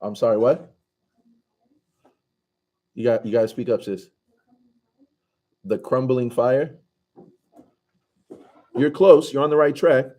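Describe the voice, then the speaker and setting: Mellow-voiced man teaching a class. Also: medium pitch, fairly even intonation, slow pace, long pauses. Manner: casual, asks the class questions, drops into Arabic recitation. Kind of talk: conversational Quran commentary class.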